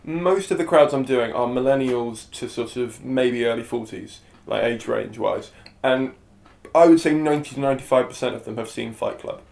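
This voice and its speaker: A man of middle pitch hosts a casual podcast chat, talking quickly with plenty of fillers. His voice has a roomy echo around it. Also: gravelly, darkish tone. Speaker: podcast host and comedian.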